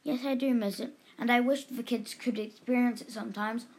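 A woman's voice: fairly high pitch, steady tone, fairly quick, close to an everyday voice. A woman voicing a boisterous, homesick father hyena in a storybook reading, speaking emphatically. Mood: wistful.

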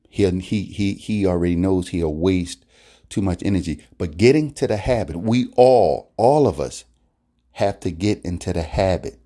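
A man with a deep, low voice preaching in an easygoing, homespun way. He speaks to his listeners directly and often repeats his words as he goes, like a chatty Sunday message at home. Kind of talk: informal devotional talk.

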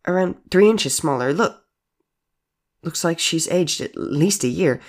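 A man's voice: a little high, animated, measured pace, pitched above the performer's own voice. A man voicing an earnest, giddy nonbinary young adult in a storybook audio drama, with a raised, eager voice.

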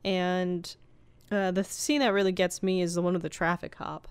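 A woman's voice: lowish voice, little pitch movement, moderate pace, clean tone, dry recording. A woman co-hosting a podcast, chatting casually and recapping a movie, laughing often as she acts out quotes. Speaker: podcast co-host.

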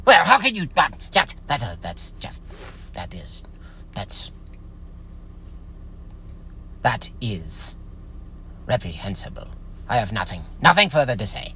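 A man's voice: mid-range voice, huge pitch swings, unhurried, bright, forceful tone, slight background noise, pitched below the performer's own voice, full character voice. A man doing a stammering, self-important British atheist author and father with a British accent, as a comedy bit. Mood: indignant. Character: smug pompous male atheist author and father, an impression. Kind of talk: comedic character voice on a stream.

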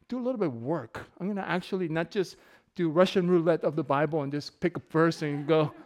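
Joking man preaching, slightly high voice. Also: expressive, fast, creaky, few pauses, darkish tone. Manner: casual, joking, laughs often. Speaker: pastor. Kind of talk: sermon with personal stories.

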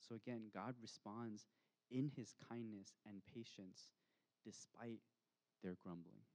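A man delivering a sermon from the pulpit, his voice sitting low and warm. He speaks reflectively and reads scripture with slow, weighty pauses. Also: steady tone. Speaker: pastor.

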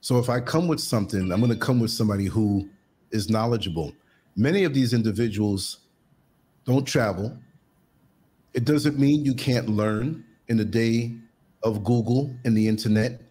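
Podcast host, man, husky voice, deferential and measured. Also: on the low side, darkish tone. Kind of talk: interview questions.

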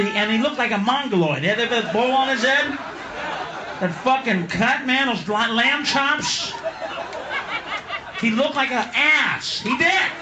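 A man doing a live stand-up routine, ranting and swearing, slipping into gruff low voices for his characters. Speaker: stand-up comedian. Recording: echoey live club with crowd noise. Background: audience laughter.

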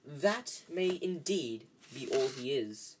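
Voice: medium pitch, lively intonation, takes it slowly, slight background noise. A reader voicing a cold, haughty, wealthy man who speaks curtly. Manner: cold, curt.

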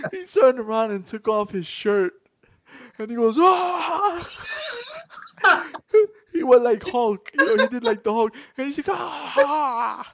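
A man hosting a casual podcast, telling animated street stories and acting out voices. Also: very high-pitched, unhurried, muffled recording, a little hiss or hum. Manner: animated storyteller who acts out voices and shouts. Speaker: podcast host.

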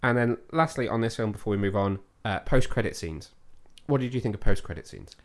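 A man with a fairly low voice hosts a relaxed film review chat. He rambles, restarts his sentences and keeps asking his co-host questions. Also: brisk. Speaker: podcast host.

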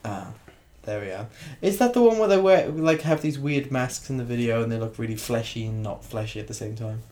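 Man, podcast co-host, casual and animated, laughs often, corrects himself mid-sentence. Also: medium pitch, brisk. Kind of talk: casual chat.

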